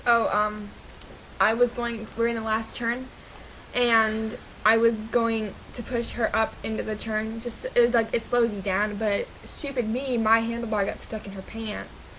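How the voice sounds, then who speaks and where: Young woman, twin vlogger, bright tense voice, halting delivery, high pitch. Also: little pitch movement, slight background noise, rough recording. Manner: halting, hesitant storytelling. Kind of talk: casual chat to camera.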